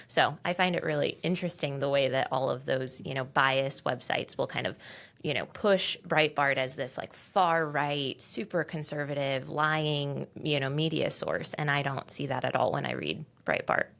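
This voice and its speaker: A woman's voice: very deep voice, moderate pace, vocal fry, fairly bright tone. A woman co-hosting a radio interview in a chatty way, full of "like" and "you know". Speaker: co-host.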